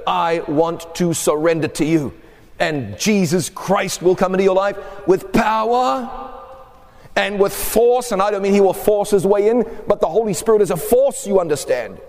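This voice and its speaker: High-voiced man preaching in a reverberant hall. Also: moderate pace, darkish tone. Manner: conversational, emphatic, acts out quoted voices. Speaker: pastor. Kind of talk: sermon.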